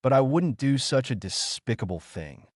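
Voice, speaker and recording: A man's voice: medium pitch, very animated, moderate pace, no echo, clean studio sound, pitched above the performer's own voice, close to an everyday voice. A man voicing a confident, easygoing young man in an audiobook, speaking in a light, teasing way.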